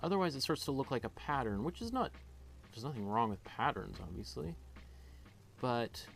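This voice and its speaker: A man's voice: mid-range voice, animated, normal speed, creaky, faint music behind. A man with a Canadian accent teaching a painting class, thinking aloud while he works, with many fillers and restarts. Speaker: art teacher.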